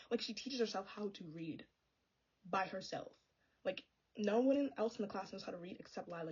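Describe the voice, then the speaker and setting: A woman's voice: mid-range voice, animated, fast talker, a little mellow, slightly rough, dull audio. A young woman ranting about a book in a sassy, exasperated, casual vlog style. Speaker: book vlogger. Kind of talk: casual chatty book review.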